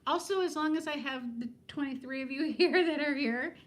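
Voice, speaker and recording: Chatty lady in her fifties doing a live stream from home, voice sits a bit high, keeps calling out viewers by name. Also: moderate pace. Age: 50s. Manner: chatty, talks to viewers by name, frequent laughs. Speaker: vlogger hosting a live stream. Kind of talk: casual live-stream chat.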